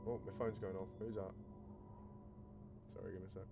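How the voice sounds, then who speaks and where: A man playing a horror game with friends and commenting excitedly, swearing often and talking to himself. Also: low voice, fairly quick, creaky, faint music behind. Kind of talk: let's play commentary.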